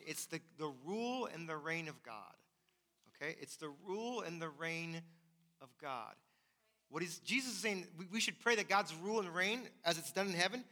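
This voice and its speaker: A man's voice: high-pitched, sharp tone. A man preaching a sermon as pastor, emphatic and repeating his key phrases. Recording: long hall reverb.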